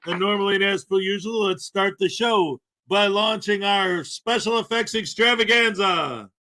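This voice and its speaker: High-voiced playful man hosting a livestream. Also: moderate pace. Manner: jokey, playful, shouts out viewers by name. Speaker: livestream host. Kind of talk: casual live-chat greetings.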